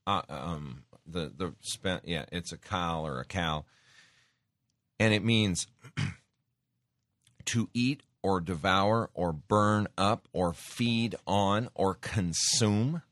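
A man's voice: deep voice, very slow, a bit bright, dry recording, clean studio sound. A man giving an earnest sermon-style teaching, talking with many fillers and restarts and rising in emphasis when he cites scripture. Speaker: Christian teacher.

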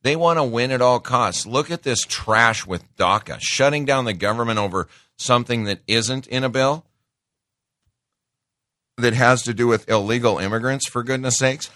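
A man's voice: mid-range voice, moderate pace, sharp tone, no room sound, clean studio sound. A middle-aged man hosting a talk show, giving plainspoken, opinionated political commentary and talking straight to his listeners as folks. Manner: preachy, quotes scripture.

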